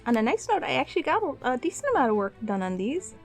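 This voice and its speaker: A woman's voice: high-pitched, sing-song, fast talker, soft background music. A woman streaming her art, chatting casually and a bit sassily with her viewers while she paints. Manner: chatty, sassy, talks to chat.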